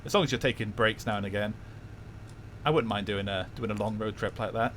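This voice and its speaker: A man streaming a racing game, chatting in a soft, laid-back way and chuckling often. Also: fairly low pitch, brisk, a little hiss or hum. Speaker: VTuber streamer. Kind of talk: casual stream chat.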